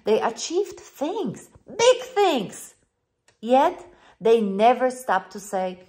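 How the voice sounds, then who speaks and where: A woman's voice: on the high side, big pitch swings, very slow, darkish tone. A woman life coach, speaking English as a second language, giving an earnest, encouraging motivational talk straight to her viewers. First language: not English. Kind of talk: motivational monologue to camera.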